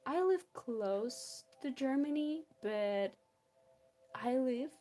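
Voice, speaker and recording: A woman's voice: high voice, lively intonation, drawn-out words, mellow, faint music behind. A young woman from Belarus with a Belarusian accent, chatting casually and giggling with viewers while drawing on a stream. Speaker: art streamer.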